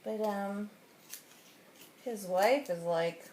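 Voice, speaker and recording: A woman's voice: medium pitch, animated, a little slow, a little hiss or hum, poor audio. A woman chatting casually while she scrapbooks, rambling off on tangents and laughing often. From United States. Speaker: scrapbooking vlogger.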